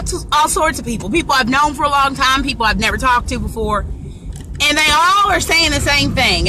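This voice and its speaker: A woman's voice: high-pitched, bright, forceful tone. A woman vlogger chatting casually and playfully on a live stream, recorded on a phone while out and about. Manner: chatty, playful, laughs often. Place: in a car and out in town. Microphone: phone camera. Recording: phone recording with clear street noise.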